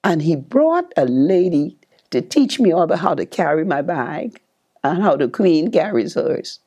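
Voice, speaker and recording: An older woman, a former politician, telling her life story with animated, repeating speech that leaps up high when she relives excitement. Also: measured pace, slightly rough. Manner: repeats and restarts phrases, addresses listeners directly.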